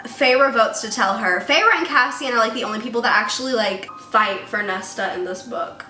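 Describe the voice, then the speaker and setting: A woman's voice: on the high side, normal speed, sharp tone, recorded from a distance. A woman giving a casual, ranting book review, chatty and worked-up, with lots of "like"s. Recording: echoey room with music behind.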